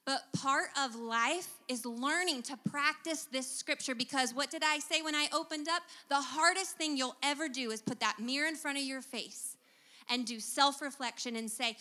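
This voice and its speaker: A woman's voice: high voice, normal speed, bright, forceful tone. A middle-aged woman, teaching a church congregation about relationships and quizzing them as she goes. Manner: teacherly, engages the audience with questions. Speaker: guest speaker at a church service. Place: church sanctuary. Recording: church hall reverb.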